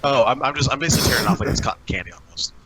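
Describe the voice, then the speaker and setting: A man playing in a tabletop game, describing his actions in a hurried, stammering way. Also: mid-range voice, lively intonation. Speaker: player. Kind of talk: casual chat at a game table. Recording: noisy background.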